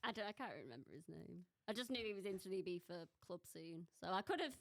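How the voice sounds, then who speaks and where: A woman's voice: medium pitch, lively intonation, quick pace, vocal fry, no room sound. Giggly young woman telling a story. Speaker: podcast guest. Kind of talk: casual podcast chat.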